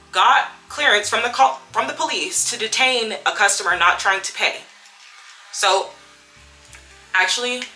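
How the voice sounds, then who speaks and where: A young woman recounting a confrontation at work in a vlog, telling it with animated storytelling and acting out the quotes. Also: medium pitch. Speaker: vlogger. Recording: soft music underneath.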